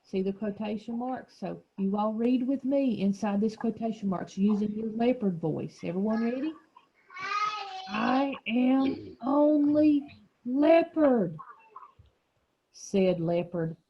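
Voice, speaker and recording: A woman's voice: medium pitch, normal speed, few pauses, breathy edge, highs cut off. A woman teacher leading a reading lesson for young children, explaining patiently and encouraging them.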